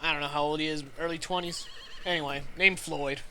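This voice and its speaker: A man's voice: a little high, fairly even intonation, brisk, sharp tone, slight background noise. A man voicing a weary, dry-humored frontier gunsmith with a folksy drawl and hesitant fillers. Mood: grim.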